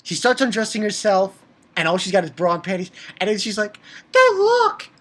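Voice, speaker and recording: This man's high-sitting voice moves fairly quickly as he enthusiastically sums up an anime episode. The recap is casual, sprinkled with swearing and stumbles over fillers and restarts.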